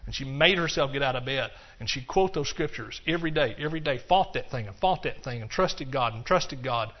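A man's voice: medium pitch, lively intonation, a little fast. Emphatic male preacher, muffled recording. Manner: emphatic, storytelling, with restarts. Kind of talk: sermon. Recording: dull lo-fi recording.

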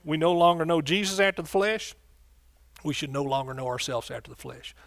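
Pastor, male, fairly high voice, dry close sound, call-and-response sermon delivery. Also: fairly quick, gravelly, fairly bright tone, no room sound. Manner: preacherly call-and-response, asks congregation questions.

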